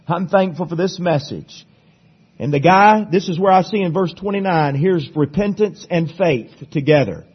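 Male pastor preaching slow, husky voice kinda high, gets loud then drops real quiet, dull lo-fi church tape. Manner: emphatic, swings between loud and hushed. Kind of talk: preaching a sermon.

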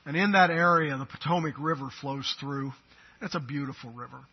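A man preaching a sermon, moving from quiet talk to loud, slow, emphatic lines. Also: on the high side, slightly rough. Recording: dull lo-fi sermon recording.

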